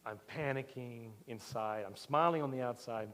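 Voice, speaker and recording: A male pastor giving a sermon, telling a personal story with animated swings between loud and soft. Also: mid-range voice, normal speed, slight background noise. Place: church sanctuary. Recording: church hall with long reverb.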